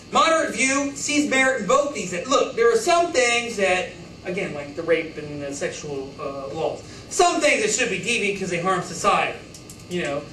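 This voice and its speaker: Joking male lecturer, high voice, echoey room. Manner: joking, rhetorical, acts out quotes. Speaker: college instructor. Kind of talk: classroom lecture. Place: classroom. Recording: echoey room from far off, faint hiss.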